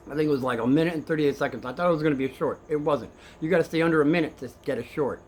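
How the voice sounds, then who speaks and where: An older man telling kids a story in a rambling, animated way, swinging between hushed and excited. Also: on the high side, very fast, a little hiss or hum.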